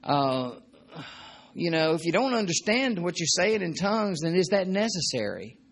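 A man's voice: high voice, big pitch swings, moderate pace. A man preaching a sermon in a conversational, joking way, often repeating his points. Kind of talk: sermon teaching.

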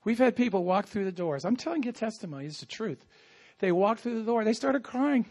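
A man's voice: extremely high pitch, lively intonation, normal speed, darkish tone. A man preaching a sermon as a pastor, telling stories animatedly and acting out quoted asides. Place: church.

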